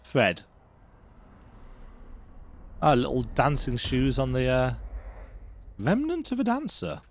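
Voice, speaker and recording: A man giving casual let's-play commentary as he plays a game, with relaxed, muttered asides. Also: medium pitch, takes it slowly, slight background noise. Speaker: gaming YouTuber. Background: faint game music.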